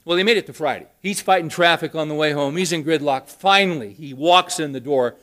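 A man delivering a sermon in a slightly higher-than-usual voice. He tells his story with rising emphasis and a dry sense of humor. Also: fairly quick, fairly bright tone. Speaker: pastor.

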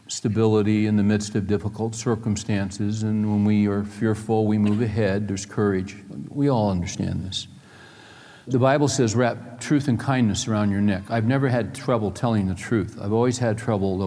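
Man preaching in a reverberant hall. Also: fairly low pitch. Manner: emphatic, rising and dropping between loud points and quiet stories. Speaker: pastor. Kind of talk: sermon to a live audience. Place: large room with an audience.

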